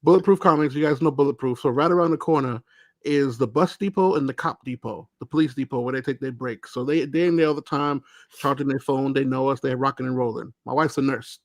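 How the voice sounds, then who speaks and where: A man from Brooklyn telling stories in casual chat, acting out the other people's lines loudly. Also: medium pitch, fairly quick, no echo. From Brooklyn, New York. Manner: animated storyteller who acts out quotes loudly. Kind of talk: casual chat, animated storytelling.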